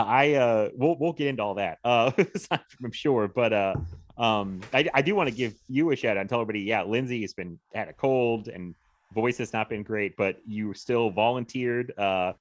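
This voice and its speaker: A man hosts a casual movie podcast in a talkative, easygoing way. He laughs often and fills pauses with ums and uhs. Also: fairly low pitch. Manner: chatty, laughs often, many fillers. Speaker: podcast host. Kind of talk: casual film podcast chat.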